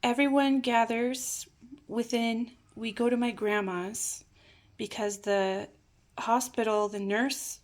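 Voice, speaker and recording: An older woman telling a personal family story in a slow, reflective way, sometimes dropping to hushed asides. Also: fairly high pitch, steady tone.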